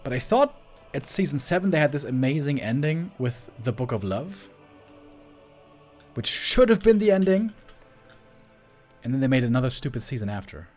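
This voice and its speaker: A man commentating a strategy game match solo, chatty and excitable, laughing often and rambling off-topic. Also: medium pitch, normal speed, long pauses, soft background music. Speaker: esports caster.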